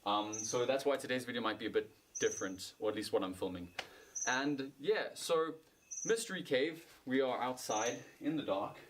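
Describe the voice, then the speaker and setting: Brief: actor as earnest young caver vlogging to camera, halting and filler-heavy, mid-pitched, faint noise behind. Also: male voice, close to an everyday voice, poor audio. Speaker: caver filming a video diary. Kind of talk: casual vlog talk to camera. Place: outdoors at night by a cave.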